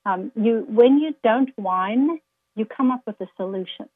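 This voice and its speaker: A woman's voice: fairly high pitch, measured pace, breathy edge, dry recording. Earnest woman guest over a tinny line. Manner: earnest, quotes scripture, motivational. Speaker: guest speaker. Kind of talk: faith-based interview answers.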